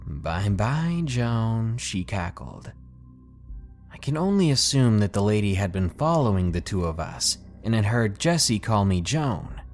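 A man reading first-person scary stories in a steady, scripted narration with dramatic pauses. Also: on the low side, faint music behind. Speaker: storyteller reading submitted stories.

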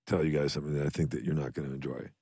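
Gravelly low-voiced man, fast talker. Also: dry recording, clean studio sound. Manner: animated storyteller, swears, laughs often. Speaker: podcast co-host. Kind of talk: casual chat.

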